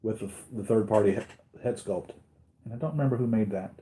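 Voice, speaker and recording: Mellow-voiced man chatting on a live stream. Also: fairly low pitch, a little fast, a little hiss or hum. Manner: rambling, thinks aloud, corrects himself; reads and answers viewer comments. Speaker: collectibles channel host. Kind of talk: casual live-stream chat.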